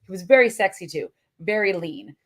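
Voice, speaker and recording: A woman's voice: mid-range voice, expressive, brisk, slight background noise. Chatty woman giving movie opinions. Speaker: co-host of a movie review show. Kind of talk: casual film review talk.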